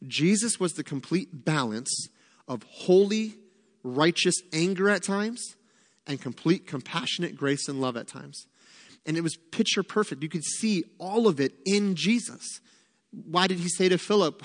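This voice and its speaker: A man's voice: a little high, lively intonation, measured pace, in a large hall. A middle-aged man preaching a sermon as pastor, conversational and emphatic, repeating key lines to drive them home. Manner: conversational, emphatic teaching with repetition.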